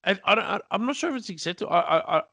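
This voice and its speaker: A man co-hosting a podcast, relaxed and chatty, swearing casually and laughing along. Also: high voice, rapid-fire, no echo. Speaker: podcast co-host. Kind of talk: casual banter.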